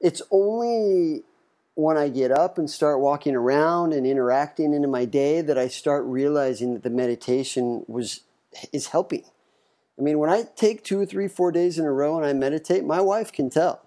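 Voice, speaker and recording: A man's voice: on the high side, normal speed, mellow. A man hosting his own podcast, talking candidly and self-deprecatingly in a loose, casual way. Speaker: podcast host. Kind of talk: casual solo podcast talk.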